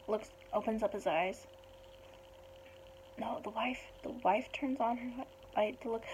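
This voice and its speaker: A woman retelling a picture book story aloud in a chatty, animated way. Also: a little high, slow, pauses often, slight background noise, rough recording. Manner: chatty, animated, puts on small voices for the animals.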